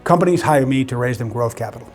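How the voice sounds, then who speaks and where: A man's voice: medium pitch, quick pace, a little mellow, soft background music. A man in his forties from Boston with a faint Boston accent, talking directly and emphatically as a podcast guest. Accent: American, faint Boston. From Boston, USA. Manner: direct, emphatic, many restarts. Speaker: guest, private equity banker. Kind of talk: casual podcast chat.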